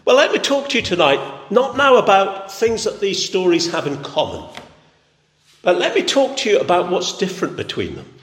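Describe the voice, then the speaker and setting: A man's voice: high-pitched, very animated, normal speed, fairly bright tone. A man preaching a sermon with an emphatic, repetitive cadence. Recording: echoey hall.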